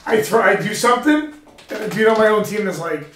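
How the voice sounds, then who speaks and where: High-voiced, profane middle-aged male host. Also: a little fast, far from the mic, a little hiss or hum. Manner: profane, rambling animated storyteller. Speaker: podcast host and fighter. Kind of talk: casual studio chat. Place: studio. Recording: roomy echo, mic set back.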